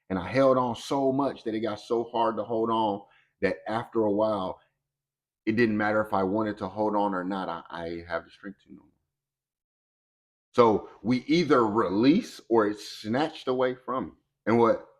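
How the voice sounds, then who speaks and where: A middle-aged man giving a motivational talk on personal growth, lively and conversational, acting out quoted voices. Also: fairly low pitch.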